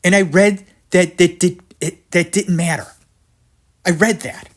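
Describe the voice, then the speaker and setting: A man hosting his own podcast, rambling through an excitable rant about film history, swearing and laughing at himself. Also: high voice, a little slow. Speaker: podcast host.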